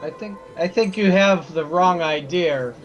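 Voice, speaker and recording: A man playing a tabletop game, speaking in a lively, somewhat hesitant way. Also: fairly high pitch, unhurried, highs cut off, faint music behind. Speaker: player. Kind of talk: in-character tabletop play.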